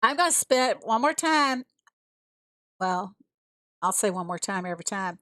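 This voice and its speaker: A woman live-streaming a farming game, chatting with her viewers and reading their comments aloud. Her voice sits at an ordinary middle pitch. The sound is dry and close, with no room around it. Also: expressive, measured pace, pauses often, a bit bright, dry recording. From USA. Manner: chatty, talks to herself and reads chat aloud.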